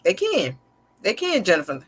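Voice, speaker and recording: A woman's voice: fairly low pitch, huge pitch swings, moderate pace, slightly rough. A woman hosting a live stream, telling viewers about her life in a candid, conversational way with a slightly sarcastic, slick edge and loose, repetitive phrasing. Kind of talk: casual personal storytelling to viewers.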